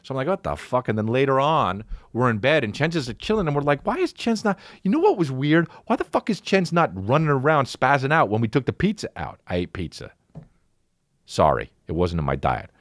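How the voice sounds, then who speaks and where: A man's voice: medium pitch, fairly quick, dry recording, clean studio sound. A man hosting a podcast, telling a comic story with heavy swearing and acted-out voices of the people and the dog in it. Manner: profane, animated storyteller who acts out others' voices. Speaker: podcast host. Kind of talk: comedic storytelling.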